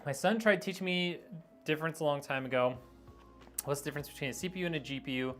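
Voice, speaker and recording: Relaxed middle-aged man chatting mid-build. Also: a little high, quick pace, faint music behind. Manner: relaxed, thinks aloud with many ums and likes. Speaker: streamer building a PC. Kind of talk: casual live-stream chat while building.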